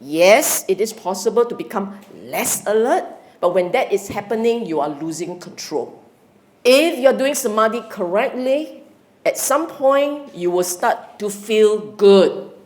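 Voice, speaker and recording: A woman's voice: medium pitch, expressive, a little slow, darkish tone. A woman giving a meditation Dharma talk, questioning her listeners and acting out inner voices. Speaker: Buddhist meditation teacher.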